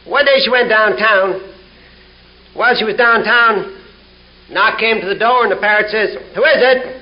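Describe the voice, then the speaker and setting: A man's voice: high-pitched, moderate pace. A man speaking at a recovery meeting, telling folksy jokes and laughing along with them, on a dull 1970 tape. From Canada. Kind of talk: humorous storytelling talk.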